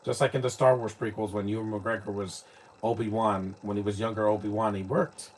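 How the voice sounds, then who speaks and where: A man's voice: on the low side, flat delivery, brisk, a little mellow. A man from New York, giving rambling, opinionated live commentary while watching a movie, often restarting his sentences. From New York, United States.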